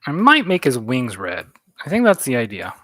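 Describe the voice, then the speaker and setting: Man, casual streamer, mid-pitched, musing and hesitant, dry close sound. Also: huge pitch swings, moderate pace, fairly bright tone, no room sound. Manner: thinking aloud, musing and hesitant. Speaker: artist streaming his painting. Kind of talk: casual live-stream chat while painting.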